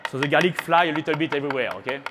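A man's voice: a little high, rapid-fire, noisy background. A man from France with a French accent, a chef giving a chatty live cooking demonstration on a trade show stage, teasing the audience and slipping into French phrases.

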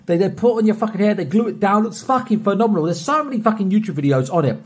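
A young British man recording a personalized video shoutout, boisterous and heavily profane, swinging from soft to loud. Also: high voice, expressive, fast talker, husky. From Britain. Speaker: streamer recording a paid shoutout.

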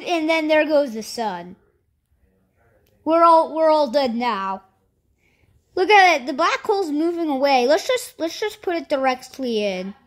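A woman giving casual commentary over a space game, thinking aloud with lots of fillers and sudden excited outbursts. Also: high-pitched, slight background noise. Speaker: gameplay commentator.

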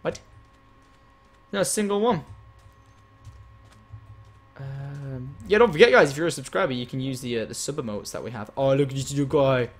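A man giving excitable live gameplay commentary as a game streamer, chatting with and thanking his viewers. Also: mid-range voice, moderate pace, pauses often, slightly rough.

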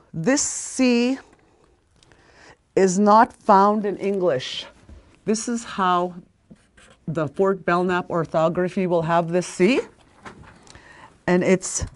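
A woman teaching a language lesson, patiently sounding out words and repeating them, with small apologies for slips. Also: on the low side.

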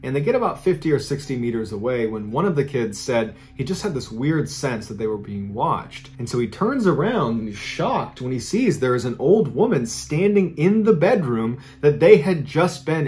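A man's voice: medium pitch, a little mellow. A man hosting a channel, telling spooky true stories in a dramatic but conversational way. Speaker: host. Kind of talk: spooky true-story narration.

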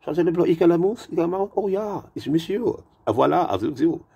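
A man's voice: on the high side, expressive, fast, gravelly, dark tone, husky, pitched above the performer's own voice, full character voice. A man putting on a fussy French waiter's voice in a mock French accent, rattling off bits of French. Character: pompous male French waiter at a fancy restaurant.

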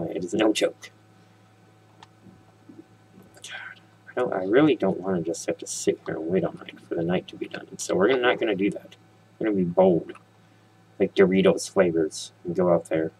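A man's voice: deep voice, a little mellow, slight background noise, poor audio. A man hosting a casual let's play, rambling and joking as he talks straight to his viewers. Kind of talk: casual gameplay commentary.

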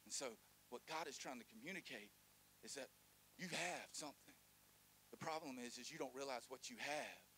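A man preaching a lively sermon, joking and calling the congregation to repeat lines. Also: medium pitch, normal speed, slight background noise. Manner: animated, joking, call-and-response with congregation. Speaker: pastor.

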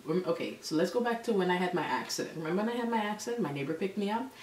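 A woman telling a story in a casual vlog, animated and exasperated. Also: on the low side, rapid-fire. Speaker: vlogger. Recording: echoey room, mic at a distance, faint background noise.

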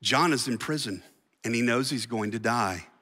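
A man preaching a sermon with a bright, forceful tone, telling the story in a casual, slangy way. His voice rings out with a long hall reverb, as if from a church sanctuary. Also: medium pitch, moderate pace, husky. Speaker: pastor.

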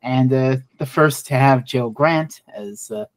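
A woman's voice: extremely low pitch, unhurried, no echo. A woman hosting a casual podcast chat over a video call, introducing her guests with playful jokes. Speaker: podcast host.

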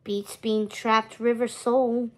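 A raspy old skeleton ferryman of the underworld, put on by a woman reading aloud, drawling slowly and gloomily. The voice sits a little lower than her narration and drags each word out. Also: little pitch movement. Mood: gloomy.

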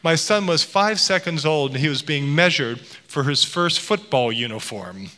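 A middle-aged man lectures to an audience, his voice bright and a touch high. He tells stories lightly and slips into playful impressions now and then. His voice rings with the long reverb of a large hall. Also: expressive, normal speed. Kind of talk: public lecture.

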